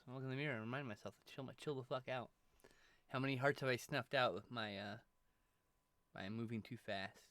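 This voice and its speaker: A man's voice: medium pitch, steady tone, a little fast, a bit bright, no room sound. A man chatting casually on a live art stream, rambling, restarting sentences and swearing offhand. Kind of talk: casual chat while drawing on stream.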